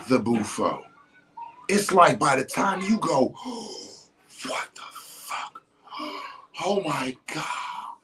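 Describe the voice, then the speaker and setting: Blunt, animated speaker with swooping pitch. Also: a little hiss or hum. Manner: animated, emphatic, swings pitch widely; blunt, profane, slangy. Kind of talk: casual monologue.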